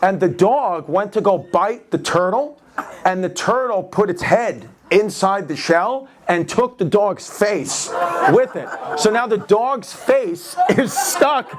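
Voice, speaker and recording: High-voiced man telling a stand-up story. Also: slow. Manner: animated, laughing through the story, acting out other voices. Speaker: stand-up comedian.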